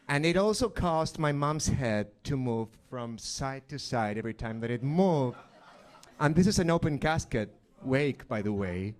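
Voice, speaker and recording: Man telling dark stand-up stories. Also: medium pitch. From Argentina. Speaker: stand-up comedian. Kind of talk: stand-up storytelling. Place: live comedy stage.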